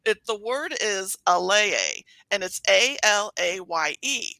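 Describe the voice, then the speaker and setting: Woman guest, swoopy lively pitch, dry close sound, acts out quotes. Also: slow, vocal fry, dry recording, rough recording. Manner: animated storytelling with acted-out quotes. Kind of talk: casual chat.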